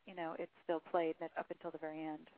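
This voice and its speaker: A woman author, interviewed by phone, tells a lengthy story about a case, reading quotes aloud with many fillers. She speaks quickly in a low voice with little pitch movement, and there's a slight hiss or hum.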